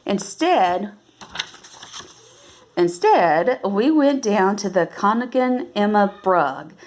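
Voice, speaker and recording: A woman reading a novel aloud at an unhurried pace, now and then correcting herself and lifting her voice for the characters' lines. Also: medium pitch, animated. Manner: unhurried, with self-corrections and restarts. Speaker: reader.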